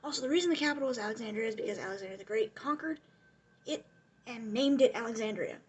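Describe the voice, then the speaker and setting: A woman's voice: fairly high pitch, expressive, quick pace, slightly rough. A young woman casually retelling history for laughs, rambling and swearing with throwaway asides. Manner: rambling, profane, giggly asides. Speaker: vlogger.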